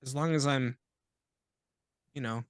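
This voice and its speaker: A man's voice: mid-range voice, steady tone, slow pace, clean tone, dry recording, clean studio sound. A man playing a tabletop game, talking hesitantly with stumbles and restarts. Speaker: player. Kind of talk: tabletop game role-play.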